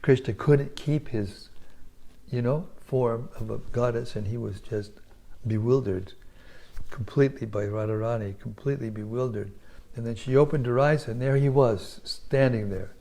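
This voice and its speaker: A man giving a scripture class, retelling a sacred story in a relaxed, conversational way. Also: medium pitch, normal speed, gravelly. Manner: relaxed retelling with soft asides.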